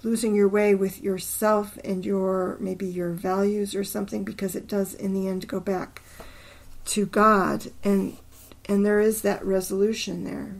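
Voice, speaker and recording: Unhurried woman host, casual poetry chat, thinks aloud as she goes. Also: mid-range voice, flat delivery, vocal fry. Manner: thinking aloud, murmuring syllable counts under her breath; slow and unhurried, with fillers. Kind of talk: casual talk about poems, reading aloud.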